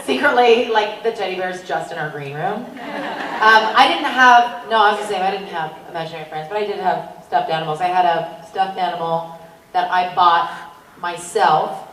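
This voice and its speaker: Wry low-voiced woman on a panel. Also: moderate pace. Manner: wry, offhand. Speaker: convention panelist. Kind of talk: casual anecdote to an audience. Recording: echoey hall, distant mic, noise.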